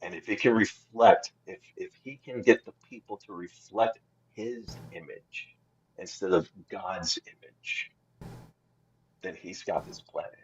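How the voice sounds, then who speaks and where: A man talking earnestly and slowly about Bible verses in a casual discussion, often restarting his sentences. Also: low-pitched, husky, muffled recording. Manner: slow, earnest preaching tone with many restarts. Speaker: co-host of faith podcast.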